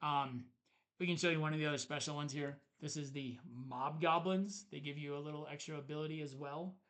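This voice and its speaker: A man's voice: a little high, steady tone, fairly quick, fairly bright tone. A man co-hosting a board game review, chatting casually as he shows the cards and chuckles at the puns. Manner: chatty, laughs at the card puns. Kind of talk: casual show-and-tell review.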